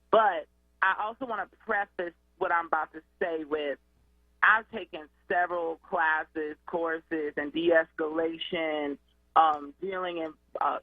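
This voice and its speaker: A woman educator and student advocate, a guest calling in to a radio show, explaining in an animated, conversational way. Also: on the low side, no echo. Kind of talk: radio call-in interview. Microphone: phone line. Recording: tinny phone line.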